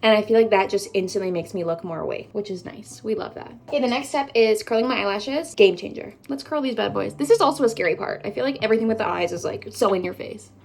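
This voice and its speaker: A woman's voice: mid-range voice, fast, vocal fry, few pauses. A woman in her twenties from Canada, chatting casually to viewers while doing her makeup, bubbly and full of rambling asides. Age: 20s. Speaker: beauty vlogger. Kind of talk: casual get-ready-with-me chat.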